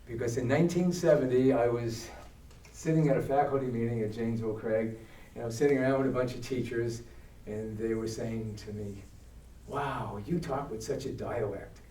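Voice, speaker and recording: A man's voice: mid-range voice, normal speed, echoey room, far from the mic, slight background noise, low-quality recording. An older man from Brooklyn with a New York accent, giving a talk as a guest speaker and telling stories, acting out the other people's voices as he goes. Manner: animated, acts out the voices of people in his stories. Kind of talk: storytelling talk. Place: church hall.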